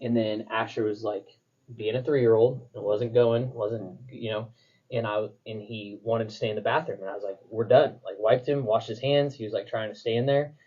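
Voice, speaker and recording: Husky young dad chatting casually. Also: male voice, lowish voice, fairly even intonation, moderate pace, warm tone, lo-fi sound. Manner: rambling, filler-heavy storytelling. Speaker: podcast co-host. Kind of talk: casual chat.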